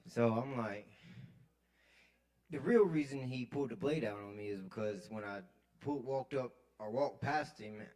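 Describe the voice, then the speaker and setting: A man's voice: medium pitch, normal speed. Easygoing man chatting to an open mic crowd. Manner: relaxed, storytelling with acted quotes. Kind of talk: casual chat to an audience. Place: live open mic at a kava bar.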